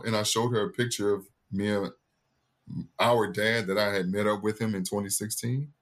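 A man's voice: fairly low pitch, fairly even intonation, moderate pace. A man in his thirties, a podcast guest, telling a personal family story in an earnest, candid way and acting out the voices of the people in it.

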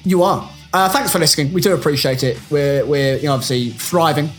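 A man's voice: on the high side, brisk, soft background music. A British man co-hosting a casual podcast, jokey and upbeat as he wraps up the show. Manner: jokey, upbeat sign-off patter. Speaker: podcast co-host. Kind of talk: casual chat.

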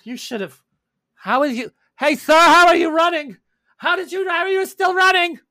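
A man voicing a flustered henchman, yelling in disbelief. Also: very high-pitched, animated, a little fast, no room sound, studio quality, voice pushed up. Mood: baffled.

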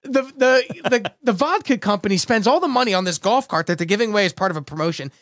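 A man hosting a casual comedy radio show, telling stories fast and laughing often. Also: high-pitched, dry recording, clean studio sound. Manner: fast, laughing, animated storytelling.

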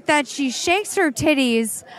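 A woman in her thirties hosting a podcast, talking casually with heavy vocal fry and rambling, irreverent asides. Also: high-pitched, lively intonation, slow. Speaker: podcast host. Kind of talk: casual chat.

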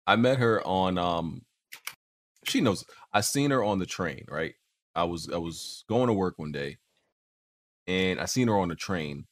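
A man's voice: deep voice, fairly bright tone. A young man hosting a casual gaming podcast, telling stories with lots of slang and repeated words. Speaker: podcast host.

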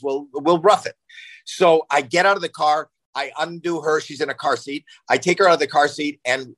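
A man in his sixties, a podcast guest telling a long, animated anecdote and acting out panic in it. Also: on the high side, no echo, low-quality recording. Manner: excitable, acts out panic and shouting in anecdotes. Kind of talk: animated storytelling.

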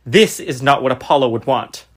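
A woman's voice: extremely low pitch, normal speed, breathy edge, pitched below the performer's own voice. An earnest angry teenage boy, read by a woman.

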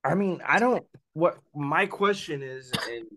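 A man's voice: a little high, a little slow. A man hosting a podcast in casual chat, swearing freely and telling stories animatedly. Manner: profane, animated storyteller. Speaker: podcast host.

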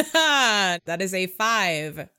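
A woman's voice: mid-range voice, sing-song, drawn-out words, bright, forceful tone, smooth. A woman plays a tabletop role-playing game in an easygoing, chatty way. Her voice sits in the middle of the usual range. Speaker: player. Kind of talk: casual tabletop play.

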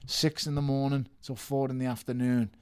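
A man tells his stories with big energy, laughing and bursting into shouted quotes. His voice sits in a middle register. It is recorded close and dry, with no room sound. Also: mid-range voice, flat delivery, fairly quick, clear, resonant tone, dry recording. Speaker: guest boxer. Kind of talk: podcast storytelling.

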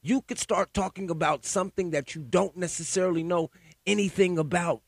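Husky man on a profane heated rant. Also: high voice, steady tone, brisk, no room sound. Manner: heated, profane, repetitive, conspiratorial.

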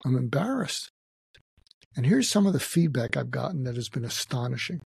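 Gravelly, husky older man, halting. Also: mid-range voice, expressive, darkish tone, no echo. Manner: halting, reflective, many restarts. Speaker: guest psychiatrist. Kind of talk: emotional personal interview talk.

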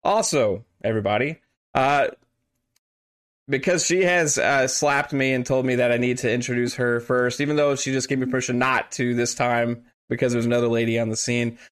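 A man in the host seat of an online podcast, joking his way through introductions in a loose, filler-heavy way. His voice sits at an ordinary middle pitch. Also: steady tone, normal speed. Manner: playful, joking, many fillers. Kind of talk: casual podcast chat. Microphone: online call setup.

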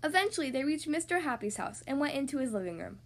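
A woman reads a picture book aloud to young children in a high voice. Her storytelling is gentle and expressive. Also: fast. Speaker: podcast host reading to kids.

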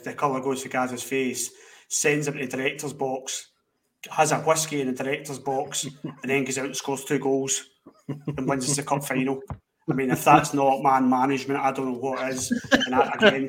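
A man telling a lively football anecdote in casual podcast chat. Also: mid-range voice, recorded from a distance, a little hiss or hum, rough recording. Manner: animated anecdote telling, swearing in quotes. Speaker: podcast co-host. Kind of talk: casual storytelling.

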